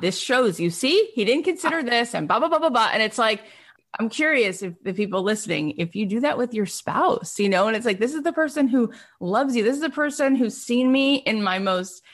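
Female host, middle pitch, chatty and reflective, laughs easily. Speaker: interview host. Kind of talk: conversational podcast interview.

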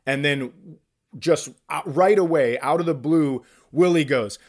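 A man's voice: fairly high pitch, a little slow. A man, a comedian and podcast host, telling a story in casual chat with self-mocking humor.

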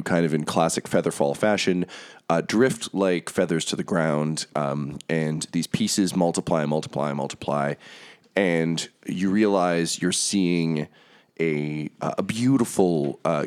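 A man narrating a tabletop game as game master, descriptive and halting with many fillers. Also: sits low, a little mellow.

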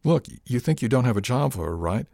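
A man voicing a practical, supportive male ship officer who reasons briskly, in an audiobook. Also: mid-range voice, lively intonation, gravelly, mellow, no room sound, clean studio sound, voice pushed up. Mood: persuasive.

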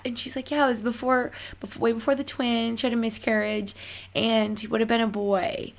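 A young woman hosting a podcast, talking in an excitable, rambling way full of "like.". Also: a little high, fast, creaky. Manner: excitable, rambling, lots of likes. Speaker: podcast host. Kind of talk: casual chat.

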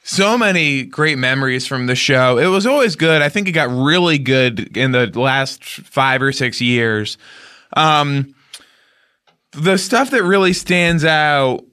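A man's voice: on the high side, expressive, slow, bright, forceful tone, smooth. A man in a casual comedic chat, eagerly reminiscing and retelling scenes.

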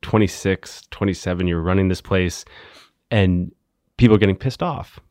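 A man's voice: sits low, moderate pace, darkish tone, dry recording, clean studio sound. A man asking casual, thoughtful interview questions, with lots of "like". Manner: casual, filler "like", laughs easily. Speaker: podcast interviewer.

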